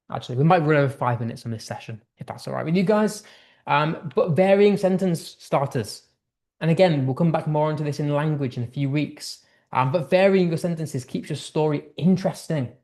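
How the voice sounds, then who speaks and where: With a slightly high voice and a darkish tone, a young British English tutor chats his way through a writing lesson. He uses lots of fillers and restarts and performs his example lines in character.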